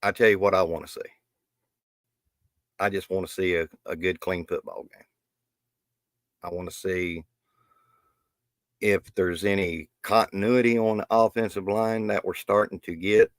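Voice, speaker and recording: A middle-aged man with a drawl hosts a live stream in a loose, folksy ramble, often restarting his sentences. His voice sits on the low side and sounds dry and close, with almost no room around it. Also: fairly even intonation, normal speed, long pauses, no room sound. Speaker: livestream host. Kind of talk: casual live stream talk.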